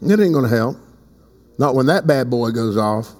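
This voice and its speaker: A man preaching a sermon as bishop of his church, talking conversationally and breaking into loud emphatic bursts. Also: mid-range voice, lively intonation, moderate pace, faint music behind. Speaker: bishop and pastor. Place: church sanctuary. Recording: long reverb in a large hall.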